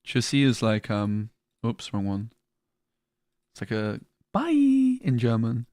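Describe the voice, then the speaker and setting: A man's voice: fairly low pitch, slow pace, darkish tone, clean tone, no room sound, clean studio sound. A man hosting a livestream, chatting casually and joking with slang. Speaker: stream host.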